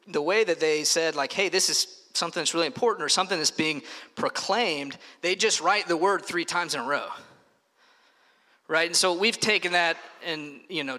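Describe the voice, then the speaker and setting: A man preaching a sermon in a conversational, animated way, with frequent fillers and restarts. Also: fairly high pitch. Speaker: pastor. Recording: long reverb of a large hall.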